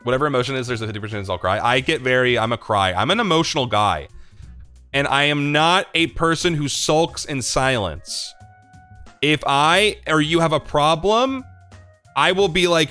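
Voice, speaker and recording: A young man hosts a livestream, answering chat questions in rambling, confessional casual talk, swearing freely and filling pauses with "like" and "um." His voice is a little high, pushed and bright, with a clear, resonant tone. Faint music plays behind him.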